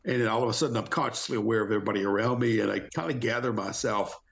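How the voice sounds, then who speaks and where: Gravelly-voiced man describing his character. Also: lowish voice, steady tone, very fast. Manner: rambling, with restarts. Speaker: player.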